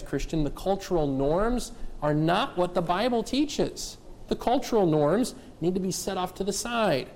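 A man's voice: a little high, darkish tone. A male pastor preaching a sermon, emphatic, firing rhetorical questions at the congregation and speaking to kids and adults directly.

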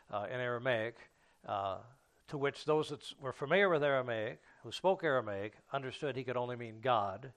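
A man preaching a sermon, teaching from scripture in an unhurried way with frequent fillers and restarts. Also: medium pitch, fairly bright tone, clear, resonant tone.

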